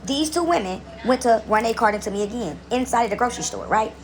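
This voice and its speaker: Fast-talking woman telling a rambling story. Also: on the high side, lively intonation. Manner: rambling, repeats words, fills with "right?". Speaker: vlogger. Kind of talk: casual storytelling to camera. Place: on a couch at home.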